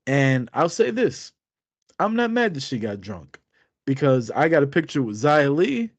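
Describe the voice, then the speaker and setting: A man's voice: on the high side, unhurried, no echo, dull audio. A man in his thirties, co-host of a podcast, telling a story casually with lots of laughter and swearing. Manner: profane, laughing, animated storytelling.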